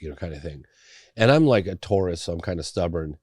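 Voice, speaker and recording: A man's voice: sits low, lively intonation, fast talker, a little mellow, breathy edge, no room sound, clean studio sound. A middle-aged man from England, a documentary filmmaker telling his story in a casual interview, acting out the people he quotes. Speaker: documentary filmmaker, podcast guest.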